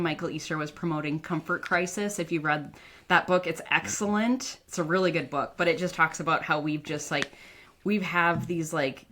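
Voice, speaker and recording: A woman's voice: sits low, fairly bright tone. A woman dietitian and author talking casually as a podcast guest, chatty and full of "like" fillers. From northern United States. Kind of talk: casual interview talk.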